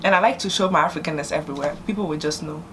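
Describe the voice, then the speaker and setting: A young woman from New York City chatting as a guest, animated and boastful, talking in quick bursts. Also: sits low, background noise. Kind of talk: casual chat.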